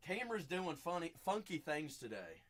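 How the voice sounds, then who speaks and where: A man's voice: on the high side, sing-song, normal speed, a bit bright. A chatty man with a Southern accent hosting a live card-break stream, talking to viewers by name.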